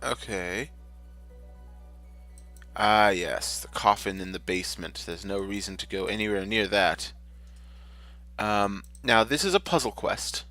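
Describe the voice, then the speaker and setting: A gamer running his channel speaks in a fairly low, bright, forceful voice, a little slow and pausing often, with faint music underneath. He rambles and jokes through casual let's-play commentary, often correcting himself mid-sentence.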